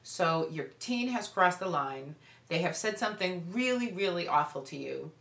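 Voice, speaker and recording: A woman's voice: on the low side, expressive, moderate pace, a bit bright. A woman parenting coach giving earnest, direct advice to parents. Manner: earnest, direct, acts out examples. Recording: roomy echo.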